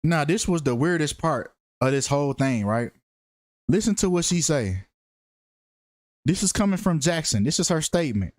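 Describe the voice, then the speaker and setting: Man, somewhat high voice, slangy profane commentary, emphatic, repeats lines, dry close sound. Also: expressive, moderate pace, dry recording. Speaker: true-crime numerology commentator. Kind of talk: casual profane commentary monologue.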